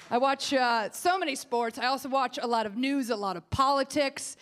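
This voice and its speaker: A woman's voice: sits high, moderate pace, few pauses, a bit bright. A woman comedian doing a stand-up set in a comedy club, ranting with sarcastic exasperation on a stage mic.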